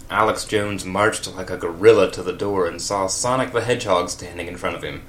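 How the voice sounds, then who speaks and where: A man's voice: low-pitched, steady tone, brisk, hardly any pauses, fairly bright tone, slight background noise. A man reading comedic fan fiction aloud, with wry, laughing asides. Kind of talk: comedic read-aloud with commentary.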